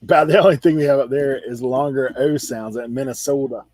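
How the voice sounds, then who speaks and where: Here a male reseller host from North Carolina's Outer Banks talks at a medium pitch, fairly quickly, with a darkish tone and a drawl. The setting is a casual video call hangout where he's chatty, bantering, laughing frequently, dropping fillers everywhere and saying "like" often. The close-miked recording is dry.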